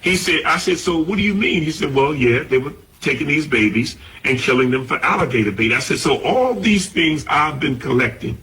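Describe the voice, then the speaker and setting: A man tells a story about his collecting, repeating what another man told him. His mid-pitched voice has a bright, forward edge. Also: lively intonation, moderate pace, few pauses, low-quality recording. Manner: recounts a conversation, quoting the other man. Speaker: collector of artifacts.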